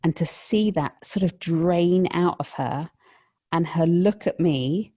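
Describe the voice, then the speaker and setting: A woman working as a lactation consultant, talking on a podcast in a heartfelt, emotional way and sometimes dropping to a soft whisper. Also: lowish voice, slow. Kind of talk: podcast conversation.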